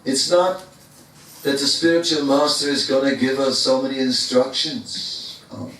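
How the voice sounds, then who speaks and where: A man, a spiritual teacher, telling a story in a sermon, slow and deliberate, in an echoey hall from far off. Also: mid-range voice, steady tone, fairly bright tone, a little hiss or hum.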